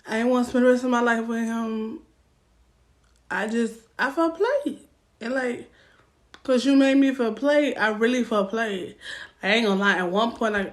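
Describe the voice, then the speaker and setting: Young woman, Southern US accent, casual story-time vlog, loud and profane, higher pitched voice. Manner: animated, loud and profane, acting out quotes with rising heat. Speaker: vlogger telling a story time.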